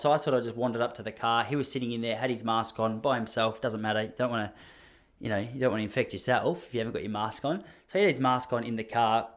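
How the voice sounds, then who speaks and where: An Australian man hosting a podcast, telling a story in a casual, ranting way with mock outrage. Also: mid-range voice. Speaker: podcast host.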